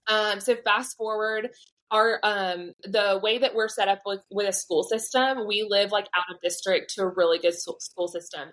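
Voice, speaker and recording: Southern woman in her 30s, podcast guest, animated storyteller who acts out quoted voices. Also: medium pitch, moderate pace, poor audio. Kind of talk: storytelling testimony.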